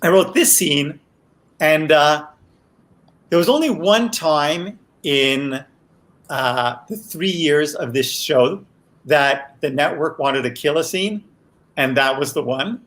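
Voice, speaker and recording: A man's voice: a little high, expressive, slow pace, a bit bright. Male show creator, casual guest chat, rambling with frequent restarts.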